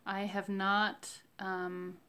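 A woman talking slowly and reflectively in a casual faith diary, with many fillers and pauses. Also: mid-range voice, monotone, sharp tone, clean tone. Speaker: vlogger sharing a fasting diary.

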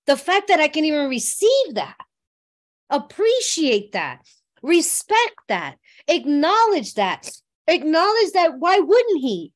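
High-voiced woman sharing a recovery story. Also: huge pitch swings, slow pace. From New York. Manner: heartfelt, conversational, often asks "you know what I mean". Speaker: workshop speaker. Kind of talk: personal recovery share.

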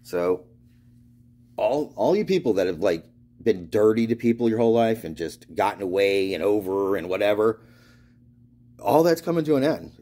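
A man from Florida talks in a loose, meandering monologue, drifting between restarts and trailing thoughts. His voice sits low with a mellow, soft-edged tone. He swears freely and laughs through his own stories. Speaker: spiritual vlogger. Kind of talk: rambling monologue.

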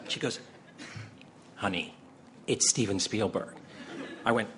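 A man in a large convention hall spins a comic story for a live audience, his lowish voice unhurried and full of pauses. He's an animated teller who stammers and performs each quote, with laughter and crowd noise all around.

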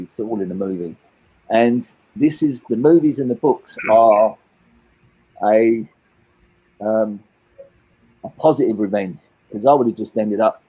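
This English guest, a Cockney man in his late fifties, rambles candidly through his life story, frequently restarting and repeating himself. He speaks in a lowish, slightly rough voice over dull audio.

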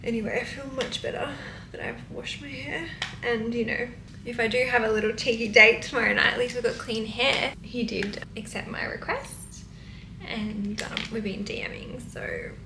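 A woman's voice: on the high side, fairly even intonation, moderate pace, gravelly, roomy sound, noisy background. An Australian woman chatting candidly in a casual travel vlog, swearing now and then, filmed on a handheld camera. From Melbourne, Australia. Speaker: vlogger. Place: hotel room and streets outdoors.

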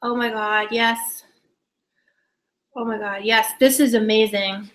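A young woman hosting a casual live beauty giveaway stream, chatting excitedly with viewers, laughing often and trailing off mid-sentence. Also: a little high, takes it slowly, low-quality recording. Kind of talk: casual live-stream chat reading comments.

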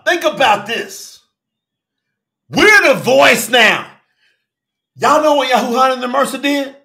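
A high, lively male voice preaches with fire, calling listeners by name and shouting his points in African American speech. The sound is bright and carries a roomy echo. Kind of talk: fiery sermon on a live stream.

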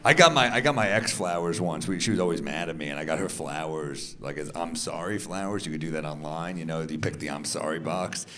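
A man in his thirties doing stand-up crowd work on a club stage, teasing audience members with quick, profane banter. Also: sits low, fairly bright tone. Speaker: stand-up comedian. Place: large comedy club stage before a live audience. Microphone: handheld stage mic. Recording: live club recording with crowd laughter.

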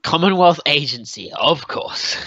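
A man's voice: a little high, lively intonation, unhurried, fairly bright tone, no echo. A young man co-hosting a podcast in casual banter, crude and profane, with jokey outbursts. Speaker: podcast co-host. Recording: dull, lo-fi dry home recording.

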